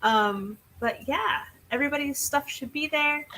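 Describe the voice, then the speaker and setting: A woman hosting a casual live writing stream, upbeat and quick to laugh as she reads out chat comments. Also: high-pitched, bright, forceful tone, a little hiss or hum, rough recording. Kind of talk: casual group chat on a livestream.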